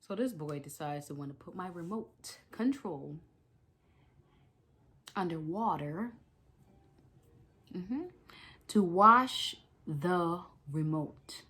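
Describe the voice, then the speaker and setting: Slangy, animated young woman storyteller. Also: on the low side, takes it slowly, pauses often. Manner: animated, slangy and dramatic, with side remarks. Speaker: vlogger. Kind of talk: casual storytime vlog.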